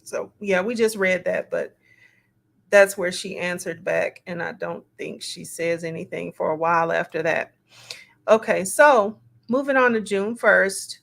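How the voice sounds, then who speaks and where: A woman's voice: fairly low pitch, gravelly, a bit bright. A woman reading text messages aloud and commenting on them in a casual, musing way. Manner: slow, musing, reads quotes aloud with asides.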